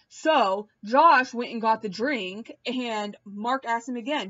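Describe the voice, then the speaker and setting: A woman's voice: slow, no echo. Chatty young woman dishing gossip. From Puerto Rican and Cuban heritage. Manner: animated, mimics people in high voices, swears casually. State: pregnant and queasy. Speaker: vlogger recapping a reality show. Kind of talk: casual gossip recap. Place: hot room at home. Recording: dull, dry home recording.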